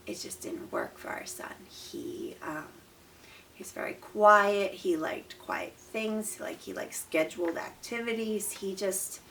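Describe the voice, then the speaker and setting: A young woman, a parent of an autistic child, gives earnest, calm advice in a numbered list, speaking straight to camera. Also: mid-range voice. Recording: voice a bit distant from the mic.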